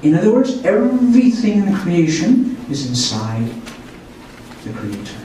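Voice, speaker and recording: This speaker at a spiritual center has a high, mellow voice that swings widely in pitch as he tells a spiritual story at a measured pace. He keeps checking in with the gathered listeners. The recording picks him up from far off in an echoey meeting hall, with faint background noise.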